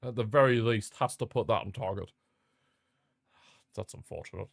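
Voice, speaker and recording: Excitable young man commentating a football watchalong. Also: fairly low pitch, normal speed, vocal fry, no room sound, clean studio sound. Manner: chatty, excitable, repeats phrases. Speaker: watchalong host. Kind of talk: casual live match commentary.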